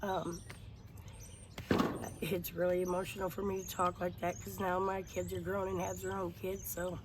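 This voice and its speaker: A woman in her forties telling her life story in an interview, halting and emotional, with many fillers and restarts. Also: on the low side, monotone. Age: 40s. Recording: noisy outdoor background.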